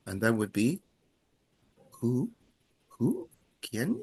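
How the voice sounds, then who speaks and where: A male language teacher talks at a slow, unhurried pace to his class. His pitch rises and falls a lot as he explains, and he pauses often with hesitant fillers. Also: big pitch swings. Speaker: Spanish teacher.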